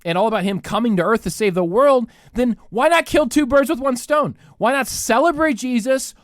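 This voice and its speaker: A man's voice: very high voice, normal speed, no echo, clean studio sound. A man in his thirties, a podcast host delivering a comedic solo rant in a mock-indignant, sarcastic, exaggerated way.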